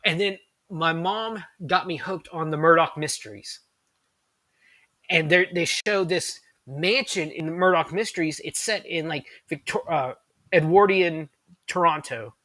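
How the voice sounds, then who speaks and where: Male podcast host, bright forceful voice, dry close mic, rambly and excited. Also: on the high side, unhurried, dry recording. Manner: rambling, enthusiastic, many fillers and restarts. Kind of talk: casual chat.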